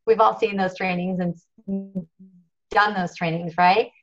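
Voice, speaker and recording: A woman with a fairly high, slightly bright voice speaks on a team call as national marketing director. Sharing her personal story to motivate, she's earnest and confessional, repeating her points for emphasis, though the recording is muffled.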